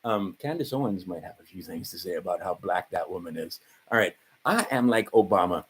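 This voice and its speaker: A man's voice: low voice, expressive, fairly quick, slight background noise, poor audio. A man of around 60 from Hawaii, rambling through a profane vlog monologue full of fillers and asides. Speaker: vlogger.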